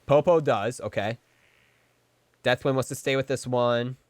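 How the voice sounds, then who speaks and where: A man's voice: mid-range voice, a little slow, no echo. A man streaming a game live, chatting playfully with his viewers and slipping into silly voices. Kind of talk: casual live-stream chat with gameplay.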